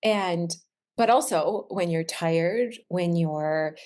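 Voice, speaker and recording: A woman in her thirties, a wellness expert, talking earnestly and reflectively in a heartfelt conversation, slowing down on the phrases she stresses. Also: fairly low pitch, a little mellow.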